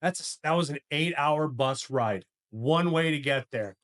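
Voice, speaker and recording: A man's voice: on the high side, a bit bright, no room sound, clean studio sound. A man co-hosting a podcast, talking casually and often restarting his sentences. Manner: halting, restarts sentences, swears in reaction. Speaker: podcast co-host. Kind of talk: casual chat.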